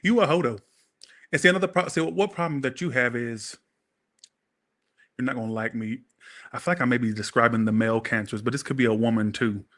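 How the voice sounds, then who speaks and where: A man's voice: mid-range voice, brisk, long pauses, a bit bright. A man doing a casual tarot reading who rambles off-topic, swears freely and keeps apologizing to his viewers. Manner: rambling, profane, talks to viewers. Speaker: tarot reader.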